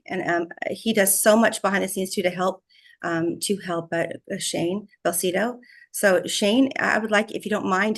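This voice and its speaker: Effusive emotional woman hosting a call. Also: medium pitch. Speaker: host. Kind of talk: casual online community call. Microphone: video call.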